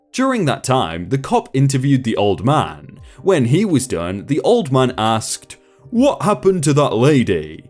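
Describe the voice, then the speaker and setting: Lively male story narrator. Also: mid-range voice. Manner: reads quoted lines in character, breaks off to react. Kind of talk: reading stories with comments.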